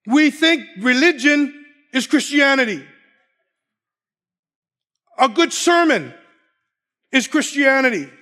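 A man's voice: very high-pitched, lively intonation, slow pace, long pauses, sharp tone. A man preaching a sermon, emphatic, repeating key phrases and laughing between points.

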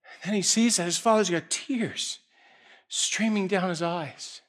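A male preacher telling a parable in a sermon, swinging from quiet, hushed storytelling to loud, emotional shouting. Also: high-pitched, unhurried.

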